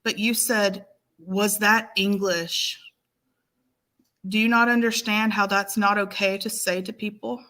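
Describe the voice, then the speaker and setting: A woman's voice: medium pitch, flat delivery, pushed and bright. A woman co-hosting a live stream, firmly lecturing a viewer and repeating her points for emphasis. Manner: slow, deliberate delivery. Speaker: livestream co-host. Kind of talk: heated live-stream scolding.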